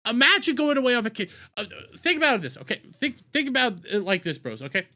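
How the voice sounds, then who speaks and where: A man talking casually as a streamer reacting to a video, excitable and profane, rambling and joking with his chat. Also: very high voice, fast talker.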